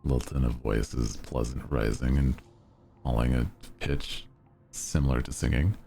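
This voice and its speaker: A man's voice: very deep voice, steady tone, unhurried, vocal fry, warm tone, faint music behind. A man chatting casually on a live stream as its host, with a melodic, lilting delivery that rises at the ends of sentences.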